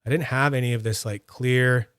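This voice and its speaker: A man talks his live chat through a hands-on tinkering demo, narrating each step as he works. His voice sits at an ordinary middle pitch. The sound is dry and close, with no room echo. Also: steady tone, normal speed, fairly bright tone, smooth. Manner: chatty, explains each step aloud. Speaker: fidget toy streamer.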